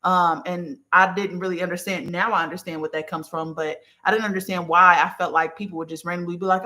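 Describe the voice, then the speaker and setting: Relaxed, chatty spiritual reader, affectionate, mid-pitched, casual reading-session talk. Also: a little fast, few pauses. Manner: affectionate, uses terms of endearment.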